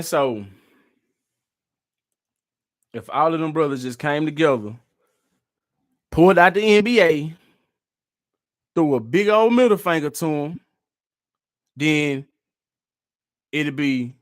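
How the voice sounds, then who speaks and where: A man's voice: a little high, expressive, slow pace, pauses often, dry recording, clean studio sound. Laid-back man doing reaction commentary. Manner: laid-back, slangy and loose. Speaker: vlogger reacting to clips.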